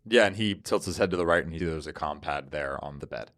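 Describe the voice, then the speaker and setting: Deep-voiced man narrating a tabletop game. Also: fast talker. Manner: calm, descriptive narration. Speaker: game master.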